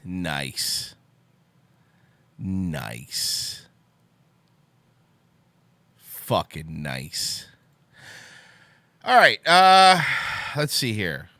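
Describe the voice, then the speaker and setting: Guy ranting on his talk show, swears a ton, voice jumps all over, bright and dry. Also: low-pitched, very animated, very slow, creaky, pauses often, dry recording. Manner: angry profane ranting, then apologetic. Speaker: podcast host.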